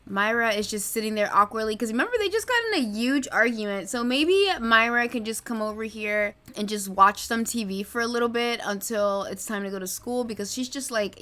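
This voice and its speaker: Bright chatty woman gaming host. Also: on the high side, normal speed, few pauses. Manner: chatty, gossipy, narrating drama. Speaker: let's play host. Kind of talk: casual gameplay commentary.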